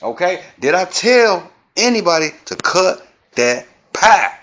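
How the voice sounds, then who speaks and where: A stern old grandmother guarding her kitchen, put on by a man. Her voice sits well above his own and scolds in drawn-out, bossy orders. The sound is dull and lo-fi. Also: high voice, sing-song, a bit bright, voice pushed up, full character voice. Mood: scolding.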